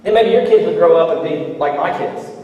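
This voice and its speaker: A man's voice: on the high side, a little fast, phone-quality sound, pitched below the performer's own voice, close to an everyday voice. A man acting out a stern, hypocritical father who is also a preacher, barking at his family and gushing in church. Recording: echoey hall, from a distance.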